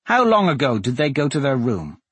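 A man reads a blunt young swordsman in an audiobook, who speaks in short, flat lines with a slightly husky edge. The voice is recorded close and dry, with no room sound around it. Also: medium pitch, normal speed, no echo. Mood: curt.

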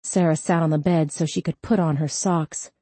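A woman narrates a novel in a steady, even read. Her voice sits low, dark and mellow, with a husky edge. The sound is close and dry. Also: normal speed, dry recording. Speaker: audiobook narrator. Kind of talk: scripted narration.

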